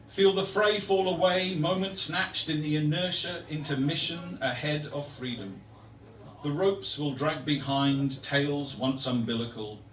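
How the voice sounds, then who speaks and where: A man's voice: mid-range voice, fairly bright tone, reverberant, recorded from a distance. A man performing his own poems at a live reading, with playful, self-mocking humour and chat with the audience between pieces. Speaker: performance poet. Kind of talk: live poetry reading with banter.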